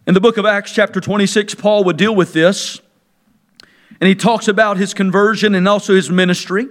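A man preaching a sermon, shouting some points and dropping to near quiet for others. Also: sits high, fairly even intonation, brisk. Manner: swings between loud shouted emphasis and sudden quiet drops.

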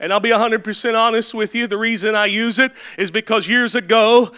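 A man preaching a sermon to his congregation, slowing down and raising his voice to stress key points. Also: high voice, steady tone, pushed and bright, clean tone, low-quality recording. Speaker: pastor. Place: church room with a congregation.

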